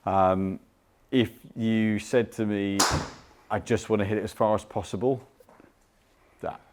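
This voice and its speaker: A British man working as a club fitter, explaining launch and spin numbers to a customer in a measured way, with restarts and fillers. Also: on the low side, steady tone, noisy background. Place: indoor golf fitting studio.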